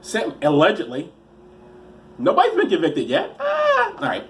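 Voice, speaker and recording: A man's voice: a little high, wildly swooping pitch, normal speed, a little hiss or hum. A man with a cold and an American accent, hosting a comedy show where he reads news stories aloud in a rambling, sarcastic way with many restarts. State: has a cold. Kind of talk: comedic news-story reading.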